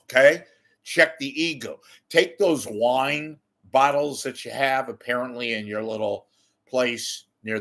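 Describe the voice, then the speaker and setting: A man's voice: fairly low pitch, a bit bright. A man delivering a ranting commentary, exasperated, sarcastic and blunt, with occasional profanity. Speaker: media commentator.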